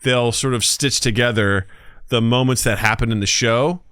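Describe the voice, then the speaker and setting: A man in an easygoing podcast chat, his voice sitting at a middling pitch. He tells stories with energy, slipping into other voices for quotes. The sound is dry and close, with no room around it. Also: normal speed, clear, resonant tone, no room sound. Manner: animated storyteller, acts out quotes. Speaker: podcast co-host. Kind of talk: casual chat.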